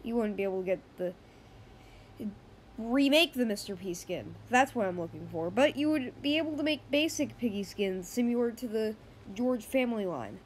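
A woman's voice: on the high side, lively intonation, normal speed, a little hiss or hum. A woman hosting a casual gaming news roundup, chatty and rambling, often correcting herself mid-sentence.

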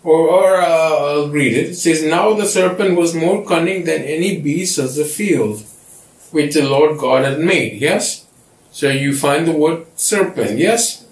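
A man's voice: a little high, a little slow. A man, the pastor, teaching a Bible study and often checking that his listeners understand. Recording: echoey room from far off.

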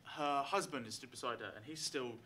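Game master, male, live stage show, bright and hesitant, faint room sound. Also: mid-range voice, fairly quick, slight background noise. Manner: hesitant, many fillers, chatty. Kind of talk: narrating a live tabletop game. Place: live show before an audience.

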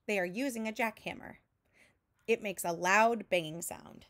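A woman teacher reading a picture book aloud to children in a slow, clear storytelling manner, making sound effects with her voice between lines. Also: medium pitch, sharp tone. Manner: adds vocal sound effects between narration.

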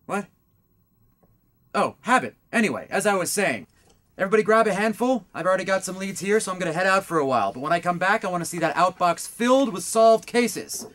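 A man's voice: sits high, animated, brisk, fairly bright tone. An actor playing a smug, newly evil male vampire who runs a detective office, giving pompous pep talks in a comic audio drama. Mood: breezy. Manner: pompous pep-talk delivery, mock-sincere.

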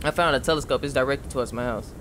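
A man's voice: medium pitch, fast, noisy background. A young man giving casual, profane, jokey gameplay commentary. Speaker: gaming streamer.

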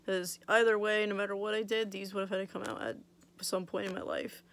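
Young woman vlogger, gravelly, swears casually, chatty and candid, mouth swollen after surgery. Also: medium pitch, steady tone, fairly quick. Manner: chatty, blunt, swears freely, lots of "like". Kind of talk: casual storytelling vlog.

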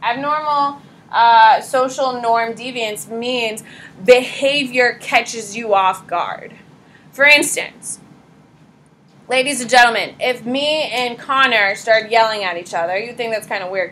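Blunt bright-voiced woman teacher. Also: a little high, unhurried, slight background noise, poor audio. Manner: blunt, casual, talks straight to students with mild swearing. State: pregnant. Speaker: high school psychology teacher. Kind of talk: classroom lecture. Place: classroom.

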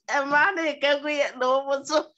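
A woman asking a bishop a question, talking in a lively way and often laughing as she speaks. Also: high voice, measured pace. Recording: dull lo-fi sound.

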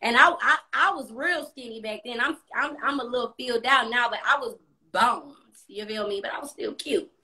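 A woman's voice: on the high side, moderate pace, sharp tone. A young woman livestreaming from her apartment, telling a personal story in a blunt, profane, chatty way. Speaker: live streamer. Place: apartment room at home.

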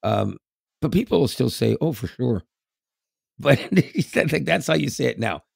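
A man's voice: mid-range voice, expressive, moderate pace, gravelly, slightly rough, dry recording, studio quality. A Canadian man in his fifties with a Canadian accent, co-hosting a podcast in casual, rambling chat with frequent laughs. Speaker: podcast co-host.

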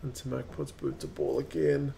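A man with a New Zealand accent hosting a rugby watch-along, calling plays and chatting with viewers, getting quicker and higher at close calls. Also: sing-song, creaky, mellow, slight background noise. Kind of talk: live match commentary and chat.

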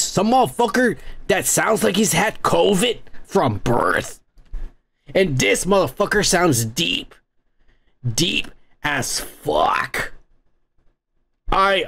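Gravel-voiced young American host, rants fast and swears a lot, pitch a little high. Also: male voice. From United States. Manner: profane, rambling, excitable. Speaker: podcast host. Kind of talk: profane comedic rant.

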